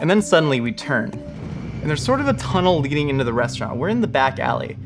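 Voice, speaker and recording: Lively storytelling man, faint music. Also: mid-range voice. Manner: lively, acts out quoted voices. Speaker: host telling a personal story. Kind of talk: animated storytelling to camera.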